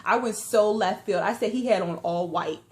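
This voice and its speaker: Animated slangy woman telling a storytime. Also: medium pitch, normal speed. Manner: animated storytelling with lively asides and sudden hushed or loud turns; slangy conversational talk. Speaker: vlogger. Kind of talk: casual storytime vlog.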